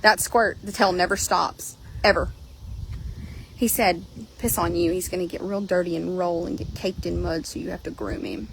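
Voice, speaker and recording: A woman's voice: lowish voice, moderate pace, vocal fry, noisy background. Chatty woman filming horses outdoors. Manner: animated, chatty, swears freely, laughs a lot. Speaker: horse trader and channel host. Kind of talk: casual vlog commentary while filming. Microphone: handheld phone camera.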